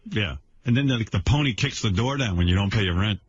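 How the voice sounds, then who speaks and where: A man hosting a radio show, riffing and pitching wild ideas in casual banter. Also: lively intonation, brisk, slightly rough. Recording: dull lo-fi radio audio.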